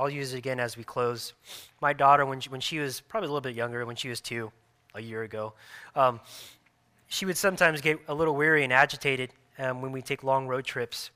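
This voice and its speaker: A man in his thirties, a pastor preaching a sermon earnestly, repeating phrases and restarting softly. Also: mid-range voice, fairly even intonation, a little fast.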